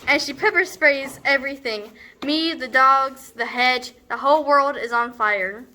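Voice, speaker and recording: A woman's voice: high voice, unhurried, bright, forceful tone, slight background noise. Young woman playing a scornful rambling teen girl. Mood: exasperated. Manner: sarcastic, rambling, full of "like". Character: brash teenage girl, scornful, rambling storyteller. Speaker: student actor. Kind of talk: comedic stage monologue.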